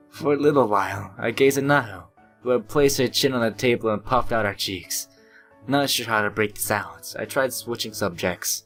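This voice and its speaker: A man's voice: fairly low pitch, fairly bright tone. A young man hosting a let's play, reading a visual novel aloud and breaking off for joking asides. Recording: faint game music behind.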